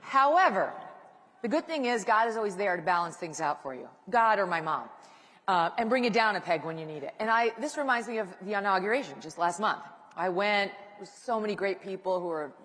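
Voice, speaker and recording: A woman's voice: medium pitch, fairly bright tone. Woman speaker, chatty and self-mocking, long reverb of a large hall. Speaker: guest speaker. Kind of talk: casual stage talk.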